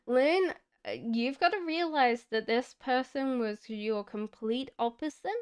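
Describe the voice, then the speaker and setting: A woman's voice: fairly high pitch, animated, takes it slowly, clear, resonant tone. An Australian woman giving tarot readings on a live stream, chatty with many fillers and frequent laughs. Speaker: tarot reader.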